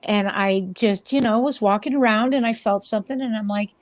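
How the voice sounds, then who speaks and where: A chatty woman guest in an interview, rambling through her paranormal investigations with plenty of fillers and lively quoted voices. Her voice sits at an ordinary middle pitch and sounds close and dry, with little room sound. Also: fairly quick, no echo. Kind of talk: casual interview storytelling.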